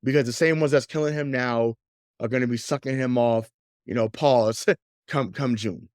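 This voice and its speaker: A man's voice: medium pitch, fairly even intonation, moderate pace, darkish tone, smooth, no room sound, clean studio sound. A man hosting a sports podcast, chatting in a loose, profane way, laughing often and repeating words as he gets going. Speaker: podcast host. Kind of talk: casual sports podcast chat.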